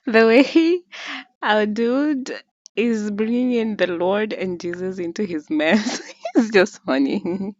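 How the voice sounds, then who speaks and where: A woman's voice: medium pitch, takes it slowly, no room sound. Frank woman reacting, dry muffled sound. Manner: chatty, frank, gossipy asides. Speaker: reaction video host. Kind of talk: casual commentary over a clip.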